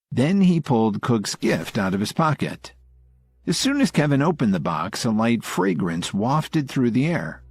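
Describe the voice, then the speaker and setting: A man narrates a scripted audio drama in a calm storytelling manner. His low voice is slightly husky and moves lively through its pitch. Soft music plays underneath.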